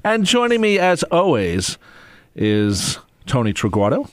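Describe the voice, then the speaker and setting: A man's voice: fairly high pitch, huge pitch swings, a little slow, smooth, dry recording. A man moderating a casual podcast chat, laughing often as he talks.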